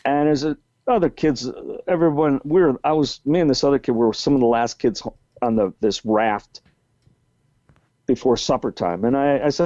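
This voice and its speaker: A man's voice: mid-range voice, animated, moderate pace, warm tone, dry recording. A man in his sixties with a New England accent, a guest telling a long story in a rambling way, full of restarts. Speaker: podcast guest. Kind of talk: storytelling interview. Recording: muffled lo-fi call audio.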